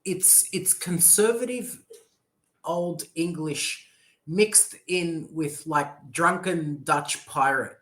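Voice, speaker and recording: A man tutors English over a video call in an unhurried, drawn-out way. He is playful and encouraging, slipping jokes in between his pronunciation tips. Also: a little high, a bit bright. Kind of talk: casual online lesson.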